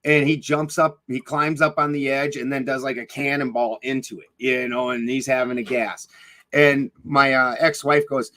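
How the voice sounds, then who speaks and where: A man's voice: mid-range voice, little pitch movement, moderate pace, sharp tone, poor audio. A middle-aged man with an ordinary mid-range voice, talking casually as an interview guest. He is blunt and loose, swears easily, trails off and restarts often, and sounds like he is speaking over a video call. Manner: rambling and blunt, swears freely, many fillers and restarts. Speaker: podcast guest.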